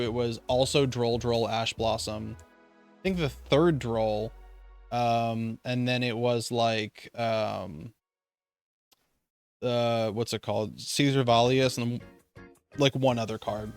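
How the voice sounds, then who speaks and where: A man's voice: mid-range voice, slow, soft background music. A man casually recapping his card game tournament, telling it in a loose, rambling way with some swearing.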